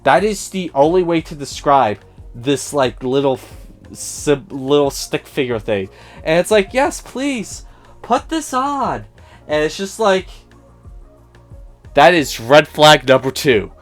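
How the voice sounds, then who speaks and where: A man's voice: on the high side, expressive, unhurried, soft background music. A man giving a casual spoiler review of a film, sarcastic and profane, often mimicking the characters in a raised voice.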